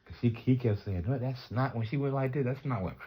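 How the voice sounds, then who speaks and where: A man telling a funny story casually, animated, acting out the people in it and breaking into laughter. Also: mid-range voice, fast talker, lo-fi sound, slight background noise. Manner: animated, loud laughs, acts out the voices.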